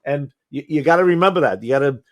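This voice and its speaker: A man with a slightly high voice co-hosts a fire service podcast. He talks quickly and casually, often stumbling and restarting his sentences mid-thought. He comes across as an experienced officer sharing stories from his years on the job. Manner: rapid, with frequent restarts and stumbles. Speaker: podcast co-host, former fire chief. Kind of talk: conversational podcast talk.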